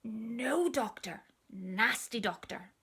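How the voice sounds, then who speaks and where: A woman's voice: fairly high pitch, slow pace, vocal fry, bright, forceful tone, husky, exaggerated voice. A woman voicing a small, shy girl who is unwell and speaks in a cross, growly way. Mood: sulky.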